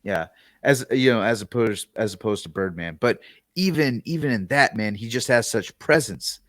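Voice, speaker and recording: A man co-hosting a podcast in casual chat, relaxed and loose with fillers. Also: fairly low pitch, moderate pace, dry recording, studio quality. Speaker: podcast co-host.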